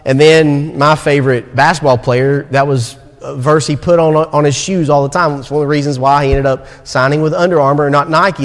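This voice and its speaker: A young man with a Southern American accent delivers a sermon from a church pulpit, his fairly high voice rushing through asides and then slowing to lean hard on key phrases. The sound rings with the long reverb of a church sanctuary. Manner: animated, shifting between quick asides and slow, stressed phrases. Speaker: preacher.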